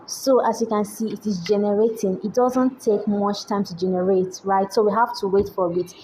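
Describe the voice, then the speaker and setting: A woman, hosting a screen-recorded software tutorial and often checking in with rhetorical questions. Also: mid-range voice, fairly even intonation, moderate pace, a little hiss or hum, poor audio. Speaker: tutorial host. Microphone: voice-over on screen recording.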